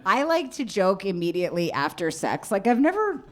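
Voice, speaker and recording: A woman's voice: medium pitch, very animated, normal speed. A woman stand-up comedian on a comedy stage, talking in a chatty, exasperated way with lots of "like"s into a handheld mic.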